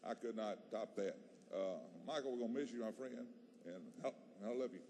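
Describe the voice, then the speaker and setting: A male legislator gives a heartfelt, halting tribute speech on the floor of a large chamber, starting over often. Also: medium pitch, noisy background. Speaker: state legislator.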